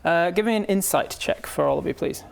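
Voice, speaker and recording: A man running a tabletop game as game master, narrating the action in a lively way and often laughing. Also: fairly high pitch, fairly quick, creaky, noisy background.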